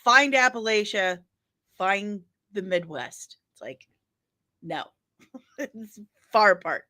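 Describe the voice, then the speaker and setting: A woman's voice: medium pitch, lively intonation, slow, sharp tone. A woman from St. Louis with a St. Louis accent, hosting a daily comics news show in a casual ranting commentary, emphatic and exasperated, often ending her points with "okay?". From St. Louis, Missouri.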